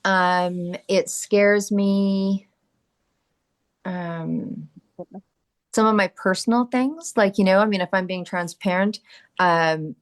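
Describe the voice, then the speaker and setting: Middle-aged woman guest, emphatic and candid, mid pitch, conversational interview. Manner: energetic, emphatic, rhetorical questions and answers. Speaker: podcast guest, entrepreneur.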